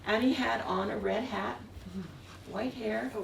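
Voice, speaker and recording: In a museum gallery room, an artist gives a talk full of meandering anecdotes, chuckling often. Her voice sits on the high side, gravelly, steady, and unhurried, and the recording has room echo, a distant mic, and faint hiss.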